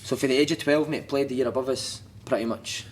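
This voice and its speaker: Scottish male guest, quick, rambling, swears freely, ordinary pitch. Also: fairly even intonation, a little hiss or hum. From Scotland. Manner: rambling, sweary, says "mate" constantly. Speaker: podcast guest, former footballer. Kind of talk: casual storytelling.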